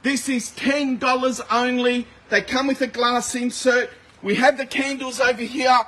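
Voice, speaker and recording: A man's voice: very high voice, little pitch movement, bright, forceful tone. A man hosting a live shopping stream outdoors at a warehouse sale, rattling off prices and talking to viewers. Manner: rapid price-calling, chatty with viewers. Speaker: livestream sale host. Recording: noisy outdoor phone recording with wind.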